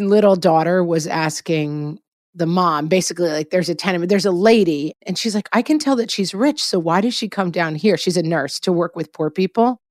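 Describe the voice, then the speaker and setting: A middle-aged woman co-hosting a podcast in casual chat, telling stories in an animated, self-mocking way. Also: fairly low pitch, dry recording, studio quality. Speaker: podcast co-host.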